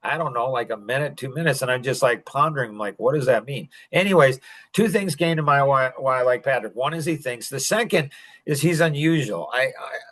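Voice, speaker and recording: A man hosts a podcast with a casual, rambling chat, his mid-range voice a bit bright. He chuckles often and says "like" a lot.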